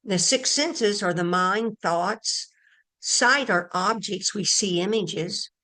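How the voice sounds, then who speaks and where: A woman hosting an online spiritual group, speaking in an earnest, meandering way with pauses and restarts over a video call. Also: mid-range voice, bright, forceful tone.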